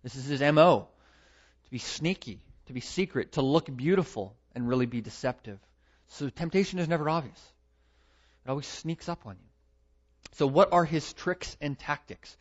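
A man preaching a sermon, emphatic, building to loud stresses and repeating his words. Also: mid-range voice. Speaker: pastor. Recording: dull lo-fi recording.

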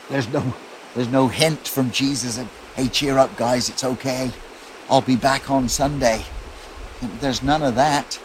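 A male pastor delivers a sermon in a measured, unhurried voice of ordinary pitch. He tells the story with quiet intensity, and a faint hiss sits under his words.

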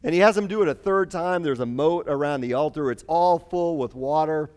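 A man's voice: on the high side, fast. Man retelling Bible stories animatedly. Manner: animated storytelling with asides and fillers. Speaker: Bible study teacher. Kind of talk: conversational Bible lesson.

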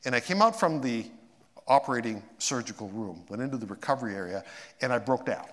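A man's voice: medium pitch, a little fast. Man preaching in a reverberant church. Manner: personal storytelling, swinging from excited to hushed and emotional. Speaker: pastor. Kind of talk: sermon.

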